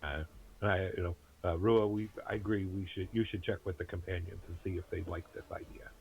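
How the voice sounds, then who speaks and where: A man's voice: deep voice, fairly even intonation, a little fast, vocal fry, a little mellow, lo-fi sound. A man playing a tabletop game, speaking in character in an earnest, formal and rambling way. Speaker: player.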